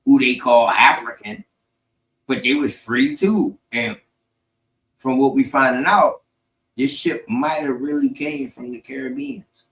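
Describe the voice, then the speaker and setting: A man runs through history in loose, casual talk. He is profane and emphatic, and he leans into his points as he explains. His pitch sits at a middle level. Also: animated, a little slow, gravelly, fairly bright tone, poor audio. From South Carolina, United States. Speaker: podcast host.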